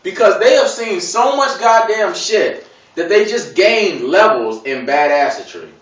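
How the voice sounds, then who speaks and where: A male comedian from Gary, Indiana, riffs profanely and rambles from one tangent to the next. His bright, high voice swings widely in pitch. He sounds distant in an echoey room. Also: animated, unhurried. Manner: loose, profane, digressive storytelling with exaggerated voices. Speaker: stand-up comedian. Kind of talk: stand-up comedy routine.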